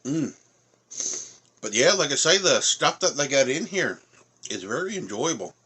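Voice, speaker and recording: A man's voice: medium pitch, very animated, moderate pace, pushed and bright, breathy edge. A middle-aged man from Nova Scotia with an Atlantic Canadian accent, chatting casually through a food tasting review with lots of fillers. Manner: rambling, many fillers, talks while eating.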